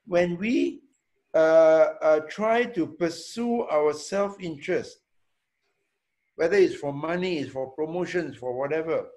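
A hotel owner talks through a student Q&A in a slow, measured way and leaves pauses between his points. His voice sits a little high for a man. He stresses ideas by repeating words and keeps checking in with his listeners. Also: a little mellow. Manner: slow, deliberate, checks in with "yeah?"; repeats himself for emphasis. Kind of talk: Q&A talk.

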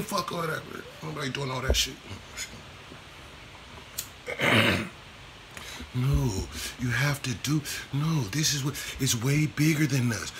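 A man's voice: a little high, sharp tone, slight background noise. A man vlogging a casual commentary rant, profane and repetitive in his street slang.

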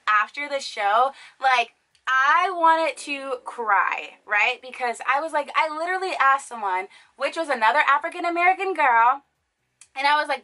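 A young woman chats straight to her viewers, spinning a story with a bright, forceful tone that sits a little high. She keeps it animated and loose, full of fillers and asides. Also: measured pace, low-quality recording. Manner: animated, chatty, lots of fillers. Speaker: vlogger. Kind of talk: casual storytelling to camera.

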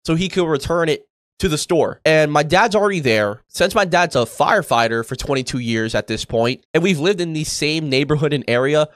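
A young man casually telling a party story to camera, animated and swearing freely, acting out what others said. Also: on the high side, a little fast, no room sound. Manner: animated, acts out quoted voices, swears freely. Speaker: storytime YouTuber.

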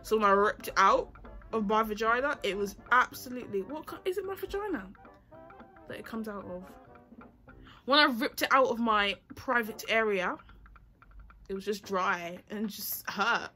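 Seorang perempuan muda beraksen bercerita santai dan bertele-tele, sering lupa arah ceritanya, dengan musik pelan di latar belakang. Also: female voice, medium pitch, normal speed, sharp tone, faint music behind. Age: young adult. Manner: chatty, rambling, loses track, sings to herself. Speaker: vlogger. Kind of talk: casual storytime chat.

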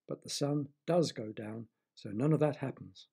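A man narrating a bedtime story for children in a gentle, chatty way, often talking straight to the listener. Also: medium pitch, moderate pace, vocal fry, husky.

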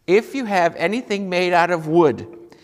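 A man's voice: high-pitched, a little slow. Encouraging music teacher man, echoing room. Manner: patient, encouraging, counts rhythms aloud. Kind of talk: remote music lesson for young children.

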